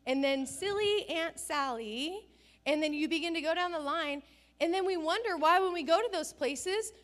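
A woman's voice: very high voice, brisk, fairly bright tone. A woman pastor preaching a conversational sermon, telling stories with self-deprecating humor.

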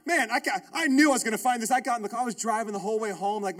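A pastor in his thirties races through a sermon in an extremely high pitch. The message hangs on a personal story, and he tells it emphatically and with energy, returning to the same phrases again and again.

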